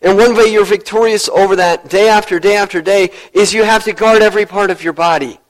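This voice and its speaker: A man preaching a sermon as pastor, telling a story earnestly and dropping low to stress his points. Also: steady tone, a little fast, poor audio.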